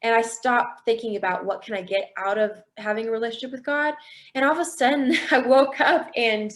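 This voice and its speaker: A woman's voice: a little high, steady tone, brisk. A young woman sharing her faith testimony in an interview, telling it expressively and acting out quoted dialogue. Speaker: interview guest.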